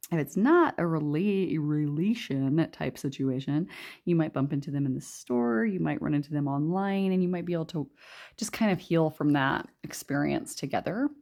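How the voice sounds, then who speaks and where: This is a young woman doing a casual pick-a-card tarot reading, her voice sitting low and mellow. She talks in a loose, rambling way full of fillers, and reads out card messages as she goes. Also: gravelly. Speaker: tarot reader.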